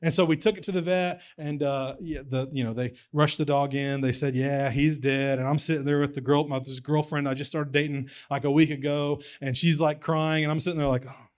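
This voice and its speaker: A man's voice: fairly high pitch, fairly quick, few pauses. Folksy preacher man. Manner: folksy storytelling, builds to excited emphasis. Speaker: pastor. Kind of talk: sermon.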